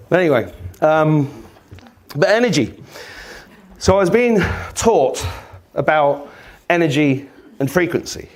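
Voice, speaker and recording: Before a live audience, a man with a fairly high, animated voice tells stories at a measured pace. He acts out the people in them, shouting their lines, and swears freely.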